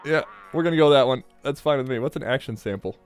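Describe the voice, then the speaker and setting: A man's voice: medium pitch, fast, clear, resonant tone, soft background music. A man hosting a let's play, giving casual, jokey gameplay commentary and swearing freely.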